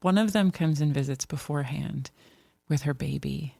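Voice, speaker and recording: A podcast co-host retelling a novel's plot in casual chat, with dry, deadpan asides. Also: mid-range voice, normal speed, vocal fry, no echo. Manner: chatty storyteller, deadpan asides. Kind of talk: casual book discussion.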